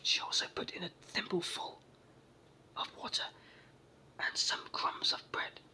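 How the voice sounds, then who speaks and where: Whispered role-play storyteller with a cold. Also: low-quality recording. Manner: soft, measured story reading. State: sore throat and cold.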